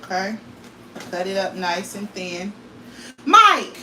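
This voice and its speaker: An American cooking vlogger, a woman from the United States, chats casually as she cooks in her home kitchen and occasionally shouts across the house. Her voice sits on the high side and her pace is unhurried, with food sizzling in a pan amid noisy background. The echoey kitchen is picked up by a distant mic.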